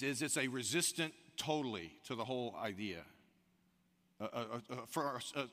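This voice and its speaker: A man preaching a sermon, telling stories and acting out quoted lines, calling the congregation y'all. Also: mid-range voice. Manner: animated storytelling with quoted asides, addresses the congregation as y'all. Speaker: pastor. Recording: long hall reverb.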